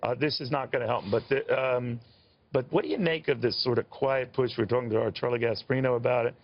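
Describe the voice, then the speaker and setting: A man's voice: mid-range voice, fast. A male news host leads a live television interview in a chatty, rambling way, with wry asides. His voice sits in a middle range. The broadcast audio is a little dull.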